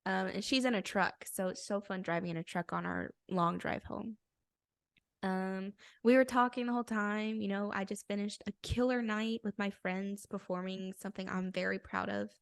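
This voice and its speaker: A young woman tells a story on a podcast in a bubbly, animated way, laughing as she goes. Her voice has a gravelly fry and a mid pitch. The sound is close and dry. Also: moderate pace, dry recording. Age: young adult. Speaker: podcast co-host. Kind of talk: casual storytelling chat.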